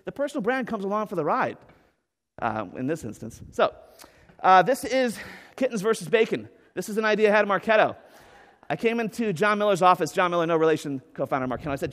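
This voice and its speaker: Animated man speaking in a hall. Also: high-pitched. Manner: animated, enthusiastic, jokey with frequent "right?" and fillers. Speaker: conference speaker. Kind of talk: energetic conference keynote. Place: large conference hall. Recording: echoey hall with long reverb.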